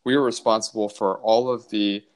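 A man, an army officer, answering interview questions in a measured, explanatory way with filler uhs. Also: on the low side, steady tone.

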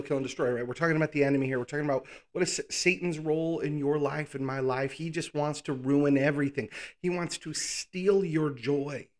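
A pastor preaching in a casual, conversational way, reading scripture and pausing to think aloud with informal asides. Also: male voice, on the high side. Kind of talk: conversational sermon, Bible teaching.

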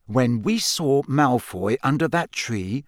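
A man's voice: high voice, big pitch swings, normal speed, fairly bright tone, dry recording, voice pushed up. Audiobook: plain-spoken, disbelieving teenage wizard boy, read by a man, close and dry. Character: blunt teenage schoolboy wizard. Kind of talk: audiobook character voice.

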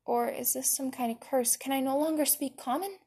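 Lady reading a shy stammery young slave guy, a bit higher, breathless. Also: normal speed, dark tone, breathy edge. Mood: timid. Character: timid young male slave, awestruck and hesitant.

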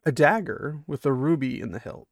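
A man's voice: a little high, normal speed, creaky, no room sound, clean studio sound. A man reading a fantasy novel aloud and then chatting casually about the chapter, building up intensity on the battle lines. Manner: reads the battle with rising intensity, then chats excitedly with fans. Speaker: book reader and commentator. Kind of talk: dramatic reading mixed with casual commentary.

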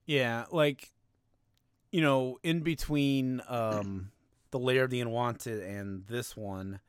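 A man's voice: mid-range voice, takes it slowly, clean tone, no echo, studio quality. A man hosting a podcast in casual chat, talking freely with many fillers and laughs. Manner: chatty and laughing, with frequent fillers. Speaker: podcast host.

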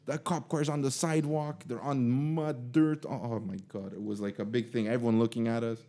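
A man co-hosting a casual podcast, spinning a story with plenty of loose fillers and asides. His voice sits in a middle pitch with a warm, mellow tone. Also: fairly even intonation, brisk. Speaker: podcast co-host.

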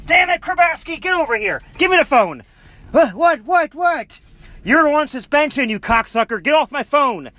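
A man leaving a crude, laughing message full of shouted mock arguments. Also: very high voice, no echo.

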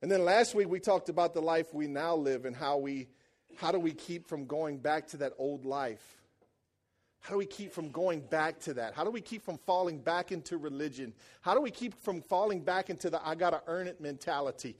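A man preaching a sermon as pastor. He tells stories in a colloquial, joking way and swings from loud excited peaks to hushed low passages.

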